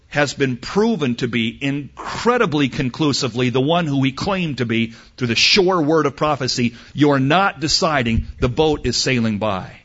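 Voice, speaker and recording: A man preaching an emphatic sermon in an outdoor amphitheater, slipping into the hesitant voices of imagined doubters before driving his point home. His voice sits at an ordinary middle pitch. The recording is somewhat dull and lo-fi. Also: fairly bright tone. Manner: emphatic, acts out listeners' doubtful replies.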